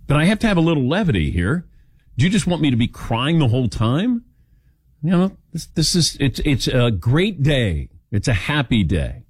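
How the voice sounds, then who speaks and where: A man's voice: mid-range voice, sing-song, normal speed, darkish tone, husky, no room sound, clean studio sound. An older man hosting a sports talk radio show, joking and bantering with callers and his crew.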